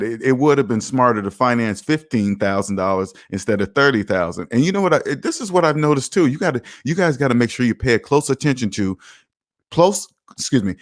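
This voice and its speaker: A man hosting a finance livestream, emphatic and self-assured, talking casually and reacting to viewer comments. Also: medium pitch. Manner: emphatic and self-assured, lively swings in loudness. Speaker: finance channel host. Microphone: streaming mic.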